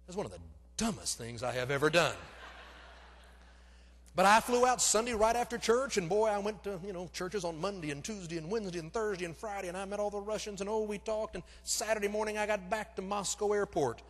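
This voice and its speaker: A middle-aged male pastor telling a personal story from the pulpit, animated and wry about his own blunders, his voice pitched fairly high. The sound carries a long reverb from the church sanctuary. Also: brisk. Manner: animated, self-deprecating storytelling that acts out the scenes. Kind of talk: storytelling sermon.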